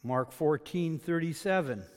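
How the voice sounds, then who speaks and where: A man from Canada preaching a sermon. He swings between loud, emphatic peaks and quiet asides. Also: a little high, unhurried, in a large hall. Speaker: pastor.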